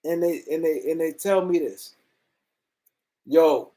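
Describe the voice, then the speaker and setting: High-voiced man ranting about sports. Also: moderate pace, mellow. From US East Coast. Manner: emphatic, repetitive and rambling. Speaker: host. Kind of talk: casual sports commentary rant.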